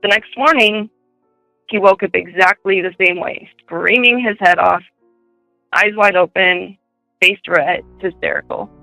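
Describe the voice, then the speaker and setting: A woman telling personal ghost stories in a chatty way, full of fillers, and switching into high voices when she quotes people. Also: measured pace, gravelly, bright, forceful tone, no echo, soft background music, rough recording. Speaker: guest.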